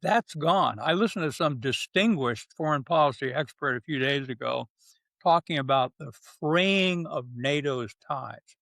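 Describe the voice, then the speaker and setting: A man's voice: on the high side, lively intonation, a little slow, creaky, a bit bright, no echo. An older man, a retired general, speaking bluntly and emphatically in an interview, with short punchy phrases. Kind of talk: candid interview talk.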